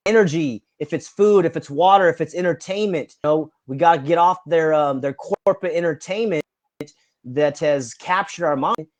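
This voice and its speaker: A man with a fairly high voice speaks as a guest on a podcast. His talk is earnest and passionate, rambling from one idea to the next in a casual, conversational way. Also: no echo.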